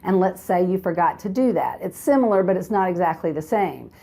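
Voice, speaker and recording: Lady host with a lowish mellow voice, friendly direct explainer. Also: expressive, a little fast, creaky. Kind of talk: short instructional video.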